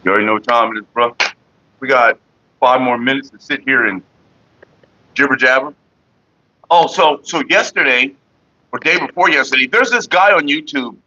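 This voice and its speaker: A man's voice: mid-range voice, moderate pace, pauses often, sharp tone, no echo. Profane, chatty man on a lo-fi stream. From California. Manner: loose, profane, storytelling, greets chat by name. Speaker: livestream host. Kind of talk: casual livestream chat.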